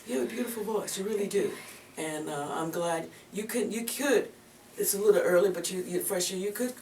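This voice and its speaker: A woman's voice: fairly low pitch, normal speed, a little mellow. A woman giving a voice lesson as a vocal coach, chatty and encouraging, calling her student "girl". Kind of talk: voice lesson instruction. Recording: echoey room, mic far off, background noise.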